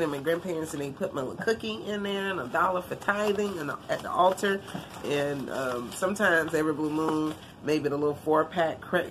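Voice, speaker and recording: A woman's voice: low voice, noisy background. Chatty congested woman unboxing gifts. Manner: chatty, animated, Southern-style "y'all" talk. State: congested, tires easily. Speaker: vlogger. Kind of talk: casual unboxing chat.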